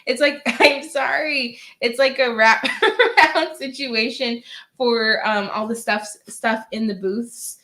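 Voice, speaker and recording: A woman's voice: fairly high pitch, takes it slowly, sharp tone. A woman co-hosting a casual horror podcast, chatting and chiming in, laughing often as she tells stories. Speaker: podcast co-host. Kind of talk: casual chat, storytelling.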